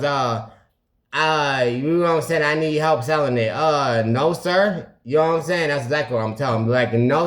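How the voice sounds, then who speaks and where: A mid-range male voice belongs to a recovery channel host recounting a story into his video camera. He's casual and animated, dramatizing phone calls, throwing in sound effects and saying "you know what I'm saying" over and over.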